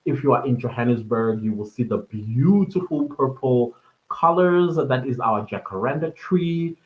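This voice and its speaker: A man's voice: medium pitch, lively intonation, a little slow, lo-fi sound. A man from South Africa with a South African accent, hosting a podcast live stream in a rambling, casual way, with many fillers and frequent chuckles.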